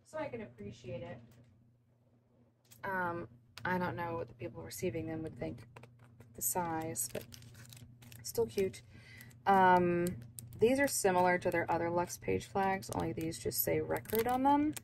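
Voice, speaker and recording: Gravelly low young woman rambling. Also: a little slow, pauses often. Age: young adult. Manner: rambling, chatty, many fillers. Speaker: planner vlogger. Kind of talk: casual unboxing chat. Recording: noisy background.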